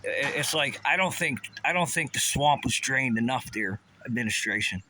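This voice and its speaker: A man's voice: medium pitch, animated, moderate pace, sharp tone, slight background noise. A man from the Pittsburgh area, delivering an agitated, sarcastic, profane rant and stumbling over his restarts. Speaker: vlogger.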